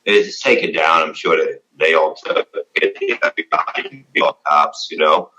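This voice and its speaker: Middle-aged male guest, low voice with a forceful, bright edge; blunt, profane, rambling storyteller. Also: animated, takes it slowly, low-quality recording. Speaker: interview guest, former radio show staff. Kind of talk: casual interview.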